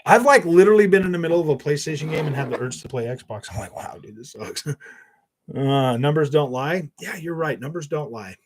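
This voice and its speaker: A man's voice: fairly high pitch, expressive, brisk, noisy background. A man hosting a gaming channel, chatting casually on a live stream in a sarcastic, mocking way and saying "man" and "bro" a lot.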